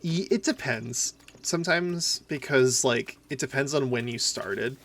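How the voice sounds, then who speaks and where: Unhurried and fairly bright in tone, this mid-range male voice has a Minnesotan accent from the northern US. He's streaming a game and chatting in a loose, meandering way.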